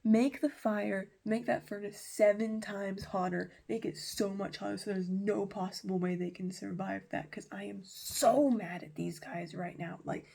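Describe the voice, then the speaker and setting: A woman's voice: medium pitch, steady tone, creaky, warm tone. A woman doing a bossy hot-tempered king. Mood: furious. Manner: taunting, bossy, quick to rage. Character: boastful hot-tempered male king, menacing.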